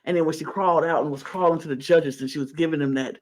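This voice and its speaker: A man co-hosting a podcast in casual reaction chat, animated and gushing, acting out his own reactions. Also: a little high, quick pace. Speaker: podcast co-host.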